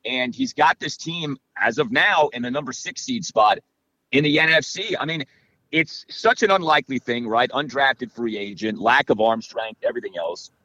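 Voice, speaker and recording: A man's voice: medium pitch, normal speed, no echo, rough recording. A man on a podcast talking through football strategy in a casual, analytical way, with lots of "you know" and "like". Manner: animated, analytical, many fillers.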